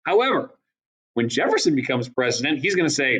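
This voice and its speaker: A man's voice: medium pitch, sing-song, brisk, fairly bright tone, slightly rough, low-quality recording. A man giving a casual history lecture as a teacher, chatty and acting out quotes in exaggerated voices. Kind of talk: recorded lecture.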